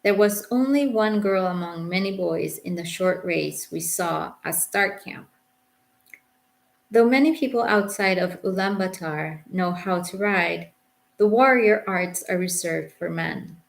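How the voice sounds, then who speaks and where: Gravelly-voiced English woman reading her memoir. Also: lowish voice, unhurried. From England. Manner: reflective, dry understatement. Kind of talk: audiobook memoir narration.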